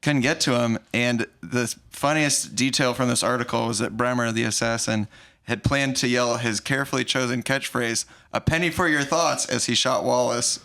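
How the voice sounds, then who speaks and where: A man's voice: mid-range voice, steady tone, normal speed, vocal fry, fairly bright tone. A young man chatting casually on a podcast, recapping a movie with jokey quoted asides. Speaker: podcast co-host.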